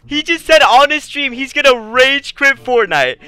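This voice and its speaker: A young man hosting a gaming channel, with a strikingly high, very bright voice. His tone is smooth and clear. He sounds hyped and teasing, and he giggles as he narrates his prank. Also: expressive, moderate pace, dry recording, poor audio. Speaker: channel host pulling a prank. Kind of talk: gaming video commentary.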